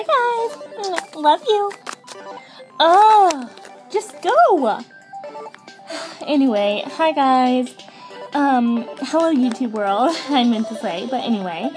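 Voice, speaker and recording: A young woman hosting a toy pet video channel, nervous and rambling with lots of ums. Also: high voice. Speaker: channel host. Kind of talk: playing toy pets in a home video. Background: background music.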